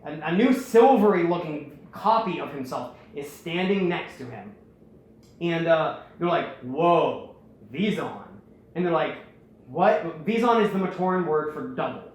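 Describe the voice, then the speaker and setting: A man hosting a casual storytelling recap, rambling and animated, acting out the quotes. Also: fairly high pitch, moderate pace. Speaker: host. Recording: very echoey room.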